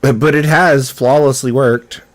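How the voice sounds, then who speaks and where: A man's voice: medium pitch, steady tone, a little slow. A young man streaming live while coding, chatting bluntly and swearing as he restarts his sentences.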